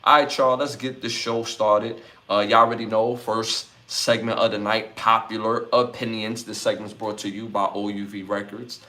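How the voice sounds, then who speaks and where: A man from Brooklyn, New York, with a fairly low, sharp-toned voice hosts a live podcast. He reads out chat comments and repeats his lists.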